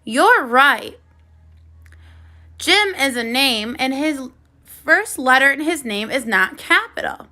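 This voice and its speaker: A woman teaching a first grade phonics lesson on video, speaking slowly and clearly with plenty of encouragement for young children. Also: high-pitched, animated, sharp tone. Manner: slow, clear, encouraging classroom delivery.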